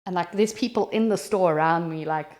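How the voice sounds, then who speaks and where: On a podcast, a South African woman guest tells a personal story in a lively, chatty way, dropping "like" constantly. Her voice sits fairly low, she talks briskly, and the sound is roomy.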